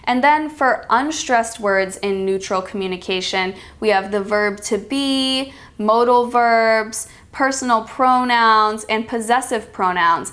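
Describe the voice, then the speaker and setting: A woman teaching an online pronunciation lesson, reading example sentences slowly and deliberately. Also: fairly high pitch, a bit bright. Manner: clear, instructive teacher's delivery. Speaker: accent coach.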